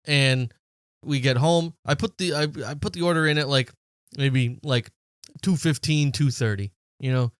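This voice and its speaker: A young man co-hosting a podcast, telling stories in a deadpan, casual way and swearing freely. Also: medium pitch, normal speed, smooth, no room sound, studio quality. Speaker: podcast co-host. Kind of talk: casual chat.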